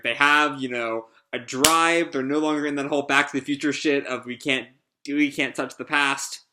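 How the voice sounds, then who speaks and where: A man's voice: medium pitch, sharp tone. A man reading a manga chapter aloud and reacting, in casual, filler-heavy chat that now and then swears.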